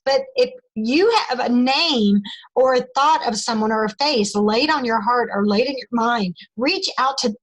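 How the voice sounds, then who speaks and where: A woman's voice: fairly high pitch, unhurried, poor audio. A woman leading a team call, talking in an upbeat, encouraging, rambling way while losing her voice.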